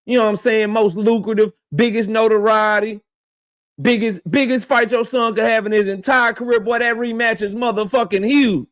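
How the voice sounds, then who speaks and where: A man with a high-pitched voice rants as a boxing channel host, speaking straight to the person he is calling out. He is confrontational and swears freely. He hammers each point by saying it more than once. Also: steady tone, moderate pace, a bit bright, dry recording, clean studio sound. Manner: confrontational, profane, repeats his points; addresses his target directly. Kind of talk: heated commentary rant.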